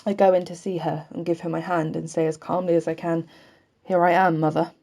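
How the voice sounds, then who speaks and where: A woman reading a novel aloud in an earnest, even first-person voice. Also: on the low side, quick pace, gravelly, slight background noise. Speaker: audiobook reader.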